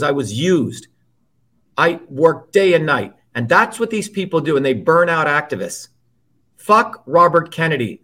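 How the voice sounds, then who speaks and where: A man's voice: on the high side, a bit bright. A man as an interview guest, talking politics in a heated, profane and emphatic way.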